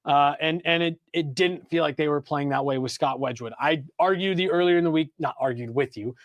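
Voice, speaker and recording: A man with a high voice co-hosts a casual sports podcast. He talks in a rambling, animated way, restarting his sentences and filling the gaps with ums. The sound is close and dry. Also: brisk, dry recording. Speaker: podcast co-host. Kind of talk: casual hockey podcast chat.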